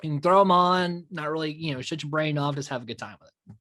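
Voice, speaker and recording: A man's voice: on the high side, fast talker, pushed and bright, no echo. A man co-hosting a podcast, chatting casually about a horror film, laughing often and restarting his sentences. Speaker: podcast co-host. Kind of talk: casual movie review chat.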